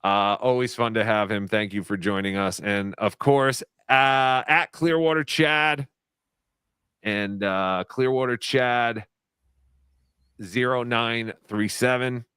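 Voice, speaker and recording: A man's voice: medium pitch, slow, bright, forceful tone, smooth, dry recording, studio quality. A man hosting a casual livestream chat, loose and laughing, swearing freely. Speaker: livestream show host.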